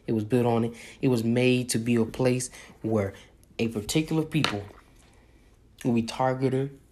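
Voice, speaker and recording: A man giving impassioned spoken commentary, repeating his points in a preacher-like cadence. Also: medium pitch. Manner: repetitive, emphatic, preacher-like cadence.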